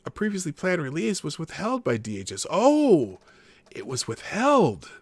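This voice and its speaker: A man's voice: fairly high pitch, huge pitch swings, normal speed, slightly rough, no echo. A man hosting a casual live-stream commentary show, sarcastic and rambling, reading news articles aloud between asides.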